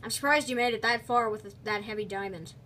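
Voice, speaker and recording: A young woman commenting on a video game she is playing, excitable, with quick exclamations and teasing of the character on screen. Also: a little high, a little hiss or hum. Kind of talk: let's play commentary.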